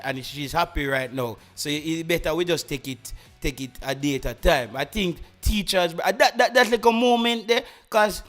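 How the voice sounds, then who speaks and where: A young Jamaican man with a country accent, chatting casually as a podcast host, rambling and switching between patois and English. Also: high-pitched. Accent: Jamaican rural. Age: young adult. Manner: rambling, mixes patois and English, many restarts. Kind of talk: casual chat.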